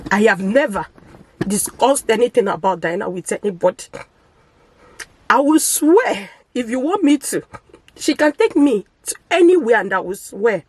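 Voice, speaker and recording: A woman's voice: on the high side, dry recording, low-quality recording. A Nigerian woman vlogger, crying as she makes a pleading, wounded confession to camera in a village church compound. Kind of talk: emotional personal confession to camera.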